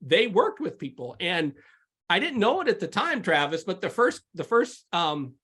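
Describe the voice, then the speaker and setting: A man's voice: sits high, very animated, moderate pace, bright, forceful tone, husky. A man who is a podcast guest, telling his personal faith testimony in a candid, rambling way with many fillers and restarts. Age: adult with sons.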